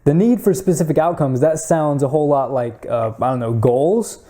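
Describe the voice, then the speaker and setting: Young male co-host, casual and upbeat, slightly high, dark tone. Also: normal speed. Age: young adult. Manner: upbeat, laughs easily, stumbles over words. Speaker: podcast co-host. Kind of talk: casual chat.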